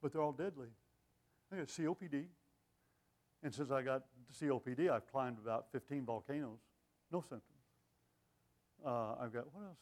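An older man preaching a sermon with an animated, self-deprecating sense of humor, often laughing at himself. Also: medium pitch, normal speed, long pauses. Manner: lively, animated delivery.

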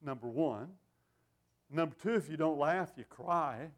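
An older man preaching a sermon with an animated, self-deprecating sense of humor, often laughing at himself. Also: on the high side, measured pace. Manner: lively, animated delivery.

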